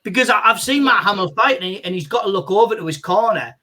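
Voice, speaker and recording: A male comedian joins a video call as a guest and chats casually, rambling animatedly and saying "you know" a lot. His voice is high-pitched and fast.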